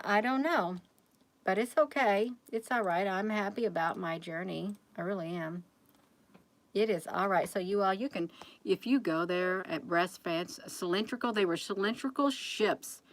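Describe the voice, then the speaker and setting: A woman's voice: mid-range voice, a bit bright. A woman hosting a casual livestream, rambling and chatty as she keeps talking straight to her viewers.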